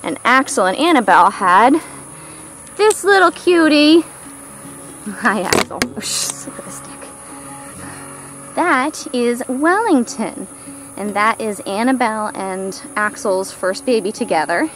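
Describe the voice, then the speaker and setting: A woman's voice: fairly high pitch, expressive, a little slow, long pauses, fairly bright tone, soft background music, poor audio. Woman, farm vlogger, chatty and breathless, baby talk to animals, outdoor handheld camera. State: out of breath from walking in the heat. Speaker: homesteader showing her farm animals. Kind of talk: casual farm tour vlog.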